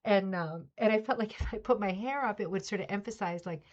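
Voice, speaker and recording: A woman's voice: medium pitch, brisk. A middle-aged woman hosting a casual craft club livestream, greeting viewers by name and chatting in a friendly, rambling way. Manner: chatty, greets viewers by name, coos baby talk to her dog. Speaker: livestream host of a rug hooking club. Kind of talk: casual chat. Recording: slightly dull lo-fi livestream audio.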